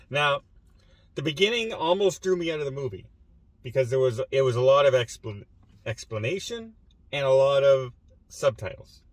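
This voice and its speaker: A man hosts a casual movie review chat in a mid-range voice, lively and quick with asides. The sound is close and dry, with no room around it. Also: medium pitch, dry recording. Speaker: movie review show host.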